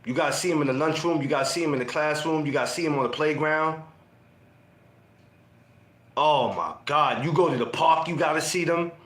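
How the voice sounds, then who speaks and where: A man's voice: a little high, fairly quick. A man co-hosting a podcast, chatting casually and acting out teenage scenes as he tells stories. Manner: animated storytelling, acts out teen scenes. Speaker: podcast co-host. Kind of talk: casual group chat. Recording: roomy room sound.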